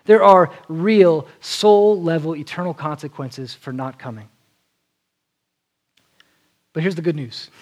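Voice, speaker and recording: A man's voice: a little high, takes it slowly, long pauses. A male preacher delivering an earnest sermon, often repeating a word as he restarts.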